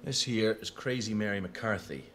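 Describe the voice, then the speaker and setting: An actor playing a police investigator in a comedy sketch, briefing colleagues in a brisk, matter-of-fact way. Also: male voice, on the low side, lively intonation, fairly bright tone, slight background noise.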